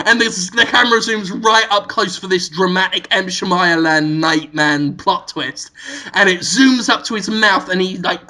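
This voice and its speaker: Man, podcast host, high bright voice, gravelly fry, rambling comic storytelling, giggly. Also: normal speed. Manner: rambling, giggling, absurd and gross tangents. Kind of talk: improvised comedic storytelling.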